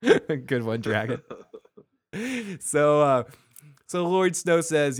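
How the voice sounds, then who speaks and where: A man's voice: mid-range voice, measured pace. A man hosting a podcast who recaps a TV episode in casual chat, acting out scenes and swearing freely. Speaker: podcast host.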